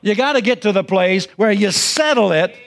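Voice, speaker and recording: A man preaching with a high voice. He talks in a folksy, repeating style and climbs toward ringing, shouted emphasis. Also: lively intonation, moderate pace, vocal fry, music in the background. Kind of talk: sermon.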